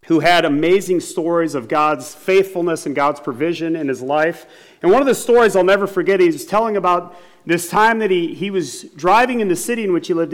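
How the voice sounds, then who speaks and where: High-voiced man preaching a sermon. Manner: storytelling with acted quotes, rising to emphatic repetition. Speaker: pastor.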